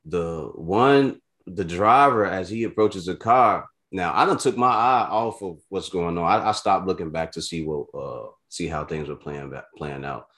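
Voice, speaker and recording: A man from Chicago with a very low-pitched voice tells stories in casual, profane chat. He is an animated talker who gets worked up as the tale builds. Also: normal speed. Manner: profane, animated storyteller who grows heated.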